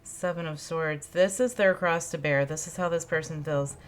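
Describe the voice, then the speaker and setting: A woman with a deep voice does an intuitive tarot reading at normal speed, musing aloud, repeating phrases, and asking spirit questions as she pulls cards. Card shuffling clicks in the background, along with slight background noise.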